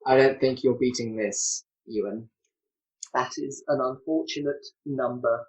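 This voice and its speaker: A man's voice: mid-range voice, steady tone, a little slow, a little mellow, roomy sound, distant mic, poor audio. A man narrating a tabletop game as game master on a video call, hesitant, with many ums.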